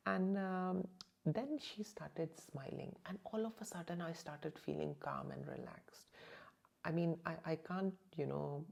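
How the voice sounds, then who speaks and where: A woman's voice: low voice, unhurried, creaky, darkish tone. A woman hosting her channel, recounting a personal experience in emotional first-person storytelling, hesitant with many fillers and sometimes dropping to a near-whisper. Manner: hesitant, many "you know" fillers, drops to near-whisper at intense moments.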